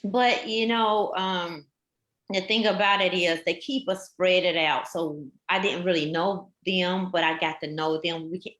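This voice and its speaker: A woman's voice: on the low side, fairly even intonation, unhurried, fairly bright tone. A woman, a fire captain on a panel, telling her story earnestly and emphatically, with many repetitions. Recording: echoey room.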